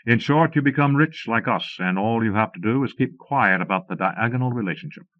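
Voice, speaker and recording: A man reading aloud, voicing a plump, genial middle-aged man who gently talks down to others. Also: medium pitch, lively intonation, fairly quick, dry recording, pitched above the performer's own voice, lightly acted. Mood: persuasive. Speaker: pastor. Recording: muffled phone-like cassette audio, dry.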